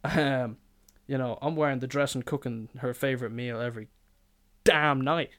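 A man's voice: medium pitch, fairly even intonation, a little fast. A young adult man, hosting a podcast in a rambling, jokey, profane monologue. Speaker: podcast host.

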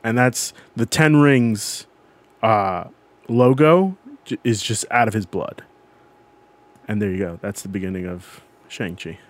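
A man's voice: fairly low pitch, measured pace. A man co-hosting a casual podcast chat who tells stories in a rambling way and keeps correcting himself as he goes. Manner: rambling, self-correcting storyteller. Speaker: podcast co-host. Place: podcast recording.

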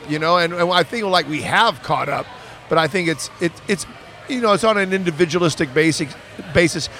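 A man with a notably high speaking voice, a working voice actor chatting casually. He tells his stories with animation and drops into voices to make a point. The sound of an outdoor street sits behind him. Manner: animated storyteller, slips into character voices. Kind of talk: casual chat.

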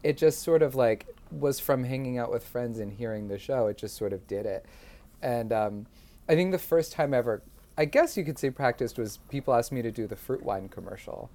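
A young man chatting as a guest in an interview, an animated storyteller. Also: moderate pace. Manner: animated storyteller, jumps into high put-on voices when quoting. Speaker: guest, comedic impressionist. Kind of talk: casual interview chat.

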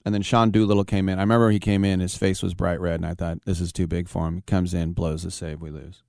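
Deep-voiced male sports radio host. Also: quick pace, creaky, no echo, clean studio sound. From San Francisco Bay Area. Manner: storytelling, animated, acts out quotes. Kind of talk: casual sports talk radio.

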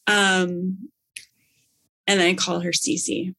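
A woman telling a personal story in casual chat, gushing and animated, acting out what people said. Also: lowish voice, very slow. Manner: bubbly, gushing, acts out quotes with big excited outbursts.

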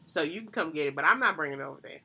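A woman with a lowish but bright, forceful voice in relaxed conversation. She speaks emphatically and colloquially. She often chimes in with quick agreement. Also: creaky, slightly rough. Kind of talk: casual chat.

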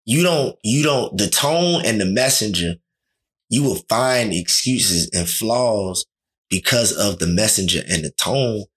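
A man's voice: fairly low pitch, lively intonation, measured pace. A man talking in a casual, slangy chat, often acting out quoted dialogue.

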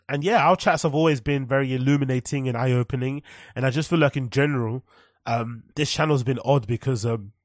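Rambling, swearing podcast host. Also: male voice, medium pitch, no room sound, studio quality. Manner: swears freely, rambling with fillers. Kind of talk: casual solo rambling podcast.

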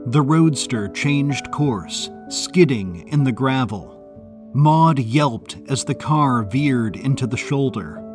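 A man reads a novel aloud in a measured, even way, taking his time. His voice sits in a plain middle range. Music plays behind him. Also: medium pitch. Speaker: narrator. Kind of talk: audiobook narration.

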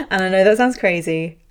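A woman's voice: medium pitch, clean tone. A young adult woman candidly telling an emotional personal story, speaking frankly and swearing freely.

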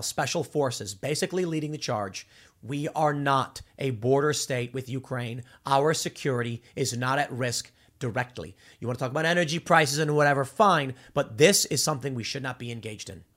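A man hosting a political commentary show, talking in an animated, rambling monologue with many restarts. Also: medium pitch.

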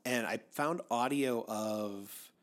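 A man's voice: mid-range voice, slow pace. A man co-hosting a casual podcast, rambling with many fillers and dry teasing. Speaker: podcast co-host. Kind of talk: casual chat.

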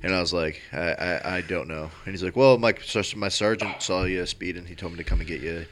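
A young man in casual chat, telling a story in a halting, low-key way. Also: background noise.

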